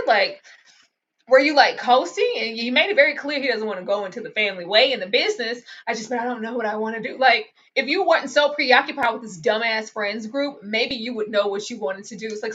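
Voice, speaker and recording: A woman's voice: fairly high pitch, a little fast, a bit bright, breathy edge. A woman co-hosting a casual TV recap, ranting with exasperated emphasis. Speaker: TV recap co-host. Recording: dull lo-fi recording.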